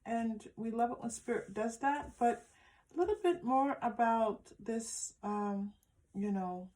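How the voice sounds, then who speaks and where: A woman giving a pick-a-card tarot reading, speaking gently and affirmingly to her viewers, with frequent restarts. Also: on the high side, unhurried. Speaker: tarot reader.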